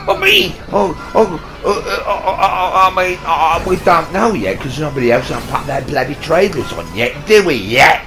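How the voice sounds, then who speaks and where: A man's voice: on the high side, expressive, normal speed, few pauses, over music, low-quality recording. Rowdy young man with a Yorkshire accent. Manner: rowdy, squabbling, swears mildly. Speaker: channel host. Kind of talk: improvised comedy banter.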